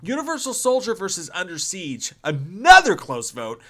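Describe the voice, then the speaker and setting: Bright-voiced excitable man. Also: sits high, moderate pace. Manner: excited, profane, often laughing. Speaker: podcast co-host. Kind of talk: casual movie chat on a livestream.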